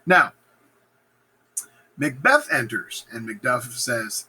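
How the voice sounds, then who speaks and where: A male teacher casually retelling a play in a lesson, slangy and animated, acting out lines in voices. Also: medium pitch, normal speed, slightly rough, low-quality recording. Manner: animated, slangy, acts out quotes in funny voices.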